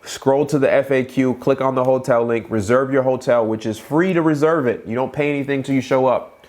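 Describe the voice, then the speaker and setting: A man's voice: medium pitch, a little mellow. Hyped man with a Boston accent. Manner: hyped, repetitive, quick restarts. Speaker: host of a live Q&A stream. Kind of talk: casual live-stream promotion.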